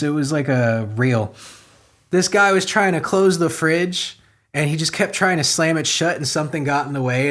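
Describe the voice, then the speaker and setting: A man hosting a comedy podcast, reading news stories aloud and riffing on them with crude, sarcastic jokes and sudden loud outbursts. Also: a little high.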